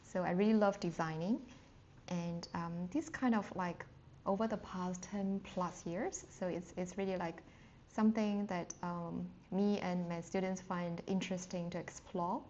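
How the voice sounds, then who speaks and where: Slow patient woman teaching Mandarin tones. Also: steady tone, darkish tone, lo-fi sound, slight background noise. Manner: slow, patient, demonstrates tones in a raised singing pitch; frequent fillers and quick apologies. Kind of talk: live online language lesson.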